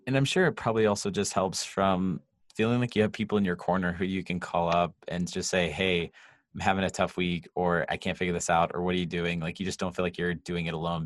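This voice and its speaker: A man's voice: deep voice, no echo, studio quality. A man hosting a podcast interview, reflective and conversational. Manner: reflective, conversational, uses "like" and "you know". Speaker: podcast host. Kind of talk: casual interview chat.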